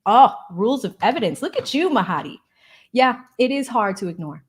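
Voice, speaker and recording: A woman's voice: fairly high pitch, fairly quick, breathy edge. Bubbly woman hosting a legal livestream. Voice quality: animated, bubbly, laughs often. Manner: thanks supporters warmly, explains legal points. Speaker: legal commentary livestream host. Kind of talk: casual livestream chat, reading donations.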